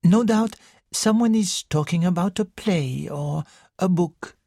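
Reader doing older male detective, hushed half-whisper, musing to himself, slow, raised pitch. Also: gravelly, no room sound, clean studio sound.

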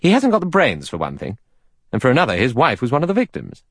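A man voicing a brash, scornful adventurer who talks quickly and irritably. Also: medium pitch, wildly swooping pitch, husky, dry recording, clean studio sound, voice pushed up, heavily acted. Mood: irritable.

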